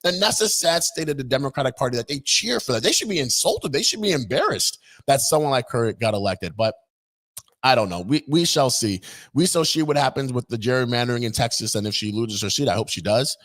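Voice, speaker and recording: A man's voice: medium pitch, lively intonation, brisk, a bit bright. A man hosting an opinion vlog, talking in an indignant, mocking, rambling way. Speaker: political commentator host.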